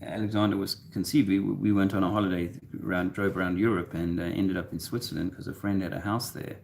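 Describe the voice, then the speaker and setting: A man with a very deep, low voice, co-hosting a loose, casual chat. He rambles and halts often, filling pauses and restarting his sentences. There is a faint hiss under the recording. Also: steady tone, creaky, darkish tone. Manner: rambling, halting, many fillers. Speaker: co-host.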